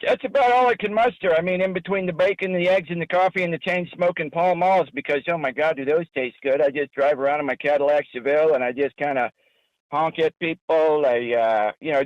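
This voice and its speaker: A man's voice: fairly high pitch, no echo, highs cut off, close to an everyday voice. A man playing a crude, boastful aging caller with a New Jersey accent who calls himself a producer. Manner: boastful, crude, quick to take offense. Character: sleazy aging male caller, loud braggart producer.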